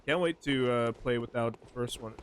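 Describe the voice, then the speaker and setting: Over background noise, a twenty-something male streamer talks to his chat at normal speed in a medium-pitched voice. His gameplay commentary is loose, slangy and wandering, broken up by frequent laughter.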